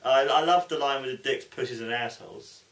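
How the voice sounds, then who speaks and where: A man's voice: medium pitch, brisk, a bit bright. A young man co-hosting a casual film chat, cheeky and fond of crude jokes. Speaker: co-host. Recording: echoey room, distant mic.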